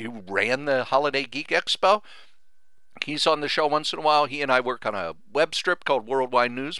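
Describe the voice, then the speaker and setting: A man's voice: mid-range voice, sharp tone, clean tone, no room sound. A middle-aged man hosting a podcast, talking earnestly and sentimentally, thanking friends and getting emotional. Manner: earnest, rambling, grows emotional. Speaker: podcast host. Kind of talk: heartfelt thank-you monologue.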